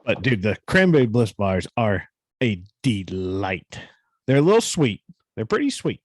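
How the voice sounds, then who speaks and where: A man's voice: on the low side, big pitch swings, a little slow, no echo. A man co-hosting a podcast, telling a story in casual, profane chat with a New England accent. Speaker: podcast co-host.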